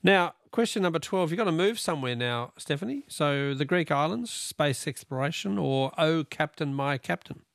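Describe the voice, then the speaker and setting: A man's voice: on the high side, animated, gravelly, fairly bright tone, dry recording, clean studio sound. Jovial man hosting radio quiz. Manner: jovial, bantering, reads messages briskly. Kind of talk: casual radio banter.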